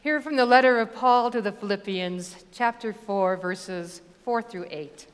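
Slow, measured woman preaching. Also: medium pitch, clear, resonant tone, long reverb tail. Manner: measured, deliberate delivery with storytelling asides. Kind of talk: sermon with scripture reading.

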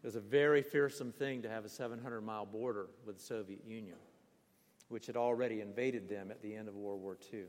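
Older preacher telling a vivid story. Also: male voice, on the low side, a little fast. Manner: vivid, animated storyteller with bursts of emphasis and laughter. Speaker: pastor. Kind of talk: sermon with personal storytelling. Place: church sanctuary. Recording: long hall reverb.

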